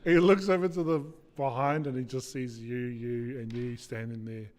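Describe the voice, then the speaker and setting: A man's voice: mid-range voice, fairly even intonation, moderate pace, darkish tone, a little hiss or hum. A man narrating a tabletop game as game master, laid-back and chuckling.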